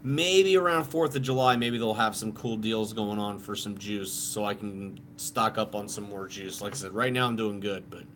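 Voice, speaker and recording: A man's voice: on the low side, moderate pace, hardly any pauses, noisy background. A man co-hosting a live stream in casual chat, laid-back and swearing freely.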